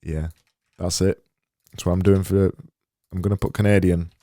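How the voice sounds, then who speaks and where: A man's voice: sits low, flat delivery, moderate pace, warm tone, no room sound, clean studio sound. A man thinking aloud as he livestreams design work, rambling and muttering to himself with a self-mocking edge.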